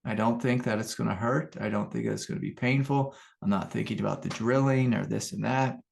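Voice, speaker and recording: Gravelly low-voiced man teaching meditation. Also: a little hiss or hum. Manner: calm, unhurried, repeats key phrases. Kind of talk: spiritual teaching talk.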